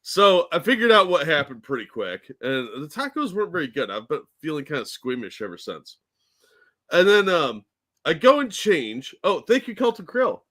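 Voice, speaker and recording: A man co-hosting a casual podcast, spinning a rambling, self-deprecating story. His voice sits fairly high and bright and swings through an animated range. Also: moderate pace. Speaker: co-host.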